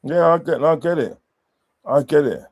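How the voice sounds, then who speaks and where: A man's voice: fairly high pitch, moderate pace, a little mellow. A man telling rambling, sweary football stories in a casual chat, repeating filler phrases. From southern England.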